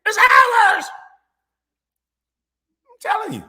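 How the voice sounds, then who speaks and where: A man's voice: very high-pitched, animated, slow, bright, forceful tone, pitched above the performer's own voice, heavily acted. A man putting on a blustering middle-aged football traditionalist who hollers a frantic, squealing rant.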